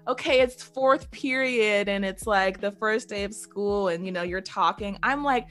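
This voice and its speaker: A woman's voice: medium pitch, normal speed, few pauses, fairly bright tone, soft background music. A woman hosting a casual chat, enthusiastic and using many "like" fillers. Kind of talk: casual podcast conversation.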